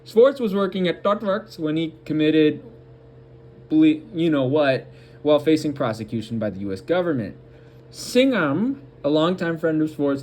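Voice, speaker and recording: A man hosting a political commentary show, reading an article aloud with halting restarts and breaking off for mocking asides. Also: fairly high pitch, a little mellow, a little hiss or hum.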